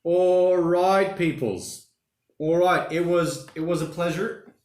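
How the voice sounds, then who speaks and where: A man's voice: high voice, slow pace, echoey room. A man hosting a casual livestream from home, reading viewer comments and rambling easily, often saying mate and bloody. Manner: rambling, relaxed, says mate and bloody a lot. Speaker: livestream host. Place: home during lockdown.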